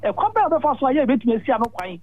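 A man's voice: extremely high pitch, sing-song, racing, phone-quality sound, faint music behind. A man calling in to a talk radio show, giving a long, rambling address full of repeated words. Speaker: radio phone-in caller.

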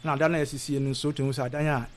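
A man's voice: on the high side, fairly even intonation, very fast. A man from Ghana, a guest in a casual interview, talking with many hesitations and restarts.

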